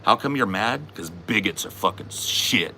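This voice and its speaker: Low, sharp-voiced man ranting. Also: expressive, normal speed, a little hiss or hum. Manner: profane, taunting, confrontational. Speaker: comedy podcast host. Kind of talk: aggressive comic rant.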